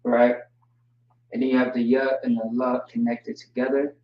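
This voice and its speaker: Guy running an online language class, chill and jokey, sounds far from the mic in an echoey room. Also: medium pitch. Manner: relaxed, joking, spells words out slowly. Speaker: language teacher. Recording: distant, roomy, dull mic sound.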